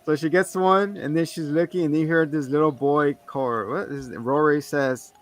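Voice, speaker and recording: A man co-hosting a casual movie-review chat, retelling scenes with lively, swearing banter. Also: fairly high pitch, normal speed. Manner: animated retelling of film scenes, frequent laughs and swearing. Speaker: podcast co-host.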